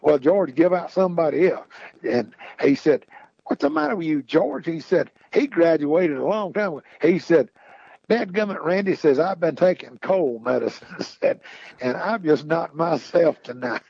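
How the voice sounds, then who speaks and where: Man, folksy storyteller, gravelly, husky, rambling casual chat. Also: fairly high pitch, normal speed, dark tone, no room sound, highs cut off. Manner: folksy, rambling, keeps repeating "he said". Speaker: podcast guest storyteller.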